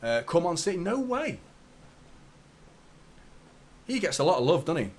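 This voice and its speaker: Excitable fan commentating live. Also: male voice, a little slow. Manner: excitable play-by-play, jumps to high excited shouts. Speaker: football fan channel host.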